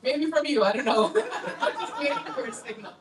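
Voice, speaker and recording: Young female stand-up comic, high voice, brash crowd work, a bit distant from the mic. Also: quick pace, noisy background. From Canada. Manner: brash, teasing crowd work, lots of "okay?". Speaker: stand-up comedian. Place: comedy club stage.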